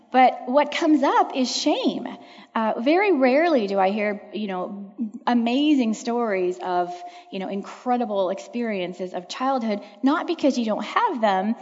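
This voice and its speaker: A woman counselor talks to a church audience with earnest, reflective warmth and emphatic repetition. Her voice carries a long echo from a large hall. The recording is dull and lo-fi. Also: on the high side. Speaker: counselor answering audience questions. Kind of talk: church talk Q&A answer. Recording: echoey hall, dull lo-fi sound.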